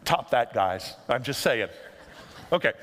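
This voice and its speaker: A man's voice: mid-range voice, animated, measured pace, a bit bright, big-room sound. A middle-aged male pastor delivering a sermon in a conversational, humorous storytelling manner.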